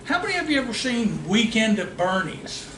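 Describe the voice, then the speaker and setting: This real estate trainer's high voice comes across pushed and bright as he talks fairly quickly and with great animation, joking and storytelling for his seminar audience. The recording carries the echo and faint ambience of a meeting room, plus slight background noise.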